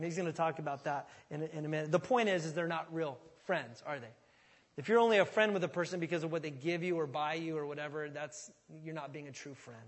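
A man's voice: on the high side, fast talker. A man preaching a sermon in a conversational, folksy way, often restarting words as he thinks aloud. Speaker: pastor. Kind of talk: expository sermon. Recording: long reverb of a large hall.

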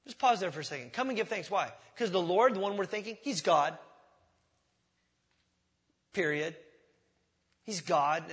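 With a high voice, a man gives a sermon as pastor in a church sanctuary. His delivery is conversational, rising in volume on important words, with occasional coughs.

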